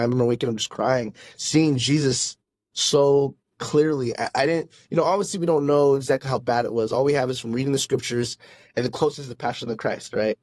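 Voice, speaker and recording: A man's voice: medium pitch, a little mellow, dry recording. Earnest man telling his story, dry sound. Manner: earnest, halting, many restarts. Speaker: pastor. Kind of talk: casual testimony in a conversation.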